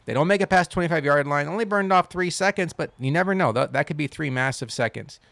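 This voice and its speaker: A man giving casual commentary while playing a football video game, wry and quick to complain, then cheering loudly on big plays. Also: fairly high pitch, gravelly, no room sound. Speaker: gaming channel host.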